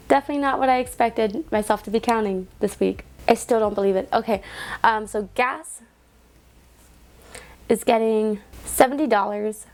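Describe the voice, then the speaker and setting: Indoors, a young woman with a medium-pitched voice vlogs casually into her phone camera. She chats with lots of "like" fillers and counts cash out loud.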